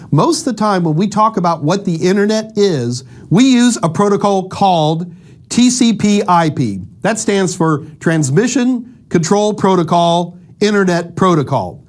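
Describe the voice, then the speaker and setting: A middle-aged man giving a casual explanatory lecture, lively and acting out little dialogues to make his points. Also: high voice. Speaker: instructor.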